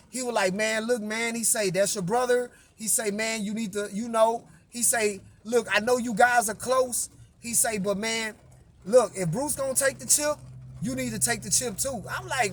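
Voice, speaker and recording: High-voiced man telling a story. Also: moderate pace. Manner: animated, profane retelling that acts out quoted dialogue. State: tired after little sleep. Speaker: music artist and vlogger. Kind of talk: casual storytelling monologue.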